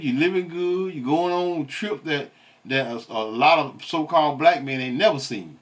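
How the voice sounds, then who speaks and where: A man's voice: on the high side, normal speed, a bit bright. A man giving casual, rambling reaction commentary on a video, stumbling over his words and mocking.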